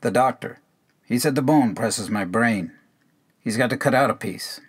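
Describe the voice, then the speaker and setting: A man's voice: medium pitch, normal speed, husky, close to an everyday voice. Old cabin-dweller, quavering and proud, bewildered, slightly raised voice, read by a man in a poetry reading. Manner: quavering, proud, sing-song retelling.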